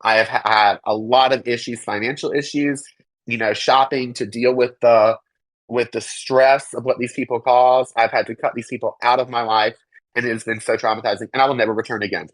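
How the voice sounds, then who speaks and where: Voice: medium pitch, steady tone, a little fast, dry recording, rough recording. Indignant young adult, dry close mic. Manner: emphatic, indignant, swears freely and mocks others in quoted voices. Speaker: interview guest. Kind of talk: candid personal testimony.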